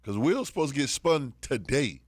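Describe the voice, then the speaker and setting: A man co-hosting a morning sports radio show, answering with short, dry, low-key replies. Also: animated, fairly quick, no echo. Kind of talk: casual morning radio banter. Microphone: studio microphone.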